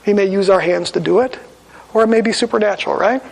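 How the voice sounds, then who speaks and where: High, gravelly-voiced pastor preaching. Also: male voice, quick pace, long reverb tail, poor audio. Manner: conversational storytelling. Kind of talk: sermon. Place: church sanctuary.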